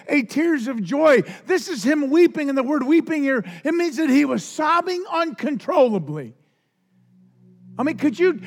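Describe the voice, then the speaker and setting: A man preaching a sermon with passion, stumbling over restarts and swinging between hushed lows and near shouts. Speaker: pastor. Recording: loud music behind the voice.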